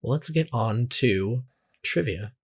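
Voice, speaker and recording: A man's voice: mid-range voice, animated, slow pace, breathy edge. A man co-hosting a casual movie review podcast, reading out trivia in a hesitant way and restarting his phrases. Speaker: podcast co-host.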